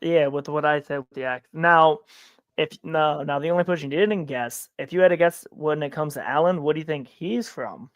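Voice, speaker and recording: A man from upstate New York co-hosting a podcast in casual chat, rambling with many halting restarts. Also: a little high, no room sound. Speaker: podcast co-host.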